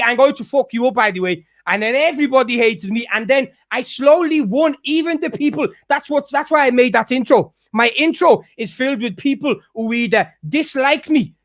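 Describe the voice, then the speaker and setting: An angry man with a very high voice tears into an online rival in a profane vlog rant. He stumbles and restarts his sentences, repeating himself as he builds his case. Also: no echo, clean studio sound. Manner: heated, profane, repetitive restarts. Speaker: YouTuber calling out a rival.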